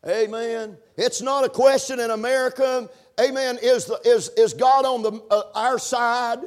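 A man preaching a sermon, punctuating his points with amens and building to shouted emphasis. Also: extremely high pitch, steady tone, unhurried. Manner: preaching with call-and-response amens, rising to shouts. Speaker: pastor.

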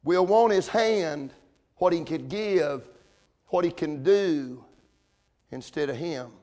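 A man preaching a sermon in a fervent way, quoting old-style scripture phrasing and building to loud, emphatic peaks. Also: fairly high pitch, takes it slowly.

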